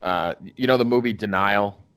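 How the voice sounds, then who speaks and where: A man's voice: lowish voice, moderate pace, fairly bright tone, smooth, no room sound. A man hosting a podcast in casual chat, rambling with many restarts and fillers. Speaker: podcast host.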